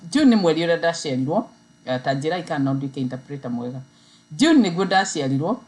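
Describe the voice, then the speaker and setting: A woman chats through a casual livestream, her voice sitting a little low. She keeps circling back over her own words as she greets viewers. A faint mains hum runs underneath the recording. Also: low-quality recording. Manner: chatty, repeats herself, greets viewers by name. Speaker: livestream host.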